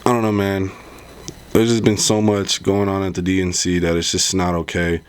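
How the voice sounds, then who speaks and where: A man with a deep, low voice rambles through his political commentary at an easy pace. He talks loosely and conversationally, repeats himself, and drops "bro" into his sentences often. He sounds like a vlogger talking straight to his audience. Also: little pitch movement, normal speed, slight background noise. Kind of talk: casual commentary vlog.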